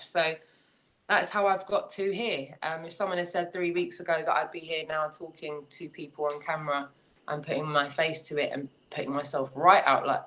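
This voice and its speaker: A woman's voice: low-pitched, fairly bright tone. An English woman on a video call, telling a long story casually and hedging a lot with "kind of". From England. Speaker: guest panelist.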